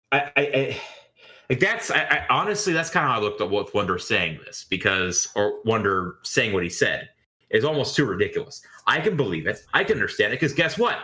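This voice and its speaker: A man's voice: mid-range voice, bright, forceful tone. A man co-hosting a casual commentary podcast, rambling and exasperated, often stammering and restarting his sentences. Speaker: podcast co-host.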